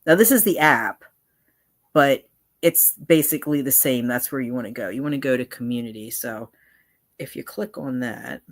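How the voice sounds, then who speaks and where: A woman's voice: rumbling low, moderate pace. A woman hosting a casual live stream, chatting in a meandering way and often breaking off to circle back mid-thought. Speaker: channel host.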